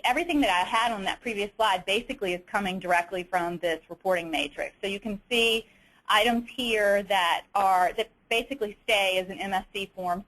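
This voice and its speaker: A woman's voice: medium pitch, a bit bright, low-quality recording. Southern woman explaining audit slides. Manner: methodical, explanatory, with frequent fillers and restarts. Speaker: webinar presenter. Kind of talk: instructional webinar walking through slides.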